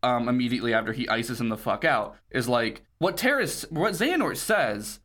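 Animated, jokey male podcast host. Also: medium pitch, normal speed. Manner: laughs often, jokey and swears casually. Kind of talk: casual chat recapping a video game.

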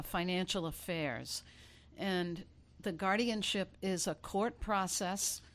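A woman, an attorney guest, explaining legal processes in a measured way with frequent ums. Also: lowish voice. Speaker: elder law attorney guest. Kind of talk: interview answers.

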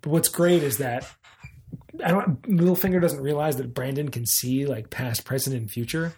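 A man co-hosting a podcast in casual chat, retelling scenes in an animated way with quick asides. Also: mid-range voice. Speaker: podcast co-host.

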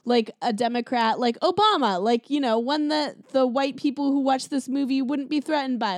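Chatty woman with a high, dry voice. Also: dry recording. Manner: chatty, animated, quick to act out characters. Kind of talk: casual movie chat.

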